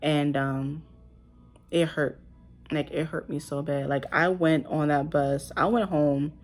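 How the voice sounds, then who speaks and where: A woman's voice: low voice, steady tone, slow pace, faint music behind. A young woman telling a personal story to camera in a casual, emotional, rambling way, full of "like" fillers. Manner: emotional, rambling, heavy use of "like". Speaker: vlogger.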